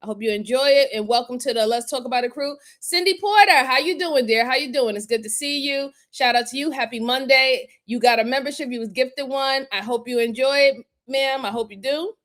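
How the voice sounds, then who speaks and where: A woman's voice: high-pitched, a little fast, few pauses, fairly bright tone. A woman hosting a casual livestream, greeting viewers one by one, repeating her thanks and laughing often. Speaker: livestream host.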